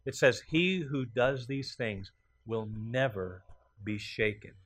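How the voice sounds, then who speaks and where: A man preaching a sermon, telling a story with many pauses and fillers and lifting his voice for the quoted lines. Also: mid-range voice, a bit bright, slightly rough. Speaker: pastor.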